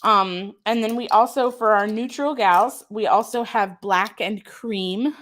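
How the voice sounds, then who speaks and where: A chatty woman hosts a casual live stream for her craft shop, gushing over each item and filling pauses with ums. Her voice sits at a middling pitch for a woman, and she talks straight to her viewers as she reads their comments aloud. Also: a bit bright. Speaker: craft shop owner hosting a live sale.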